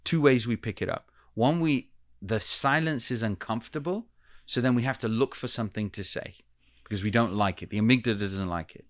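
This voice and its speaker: A man who is a communication expert, explaining ideas in a measured, teacherly way as a podcast guest. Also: medium pitch, no room sound, studio quality. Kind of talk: podcast interview.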